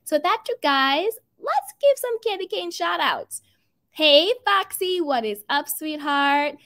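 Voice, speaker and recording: A woman's voice: sits high, expressive, unhurried, sharp tone. A woman hosting a casual livestream, greeting viewers by name, reading out their comments and giving her own strong opinions.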